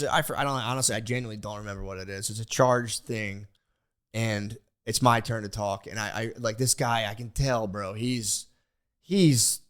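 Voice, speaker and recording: A young man on a podcast, rambling in casual chat, animated, swearing freely and restarting his sentences. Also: mid-range voice, clear, resonant tone. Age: young adult. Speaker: podcast host.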